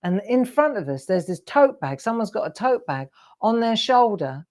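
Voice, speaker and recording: A woman's voice: medium pitch, sing-song, moderate pace, a little mellow. An English woman hosting a live crafting show, telling rambling anecdotes and laughing often. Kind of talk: chatty storytelling while crafting.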